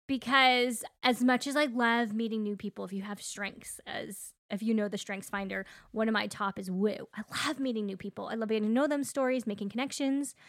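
A woman co-hosting a podcast, telling a personal story in an animated, expressive way. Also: fairly high pitch, brisk, few pauses, no echo, studio quality. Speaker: podcast co-host. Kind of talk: casual podcast chat. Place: moved from Nashville to Canada.

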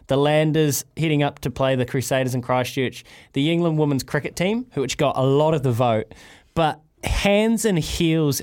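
A man with a New Zealand accent hosting a sports radio breakfast show, joking and laughing as he talks. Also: a little high. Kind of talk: lively sports radio banter. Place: radio studio.

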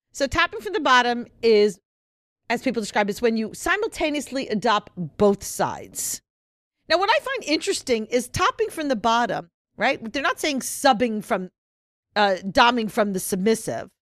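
A woman's voice: a little high, very animated, moderate pace, fairly bright tone, no echo. Late-fifties woman co-host, slap-happy, sing-song voice, dead dry room. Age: 50s. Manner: giggly, tired and slap-happy. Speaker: podcast co-host. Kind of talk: casual chat. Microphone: studio mic.

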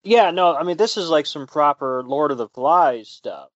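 A man's voice: on the high side, animated, moderate pace, no echo, muffled recording. A man co-hosting a casual podcast, teasing his partner dryly and thinking aloud with lots of ums. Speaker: podcast co-host.

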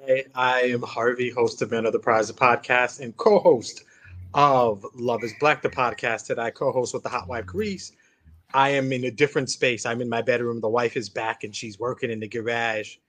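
A man's voice: mid-range voice, steady tone, moderate pace, fairly bright tone. Casting: easygoing, teasing male co-host recording from home. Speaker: podcast co-host. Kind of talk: casual podcast chat. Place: home bedroom.

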